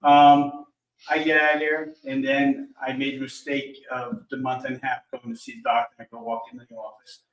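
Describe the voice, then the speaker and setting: A man's voice: mid-range voice, brisk, creaky, a bit bright. A man, a guest, telling a personal story in casual conversation and retelling past conversations line by line. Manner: retells dialogue with lots of "he goes". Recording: roomy, distant mic.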